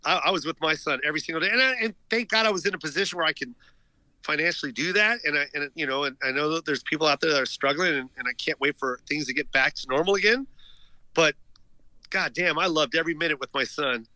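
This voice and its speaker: A man's voice: a little high, quick pace, no room sound, rough recording. A middle-aged man, a comedian guest, telling stories in casual chat with lots of filler words. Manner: animated storyteller, many filler words.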